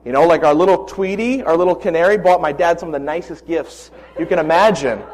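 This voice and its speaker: Male preacher, 40s, slightly high voice, animated storytelling in a sermon. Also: brisk. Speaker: pastor. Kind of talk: sermon with personal stories.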